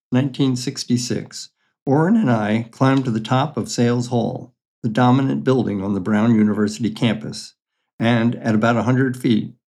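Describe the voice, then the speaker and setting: A man's voice: mid-range voice, warm tone. An older man reading his own memoir stories aloud in a dry, matter-of-fact, wry way. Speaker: memoir storyteller.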